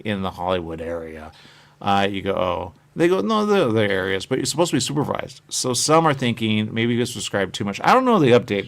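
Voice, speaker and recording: A man's voice: on the low side, vocal fry. Rambling chatty male host. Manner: meandering, chatty, acts out quoted voices. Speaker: show host. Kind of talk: rambling casual chat.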